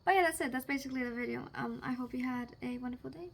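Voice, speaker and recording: A woman's voice: high voice, rapid-fire, vocal fry, slight background noise. A young woman talking casually to camera as a vlogger, chatty and giggly, often searching for the right word. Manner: chatty, giggly, gropes for words.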